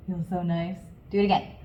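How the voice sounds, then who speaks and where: A woman singing teacher coaching beginners step by step in a calm, encouraging way. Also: medium pitch, echoey room, highs cut off. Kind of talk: guided vocal lesson.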